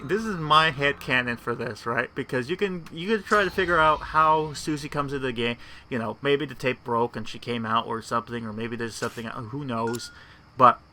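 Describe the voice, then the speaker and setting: Bright-voiced rambling game commentator man. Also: mid-range voice. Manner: rambling, chatty, many restarts. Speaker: gameplay commentator. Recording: voice with faint game music.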